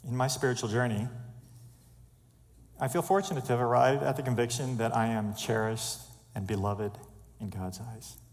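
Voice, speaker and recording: A man giving an earnest, measured personal testimony at church, fighting back tears. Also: mid-range voice, darkish tone. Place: church sanctuary. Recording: long church reverb.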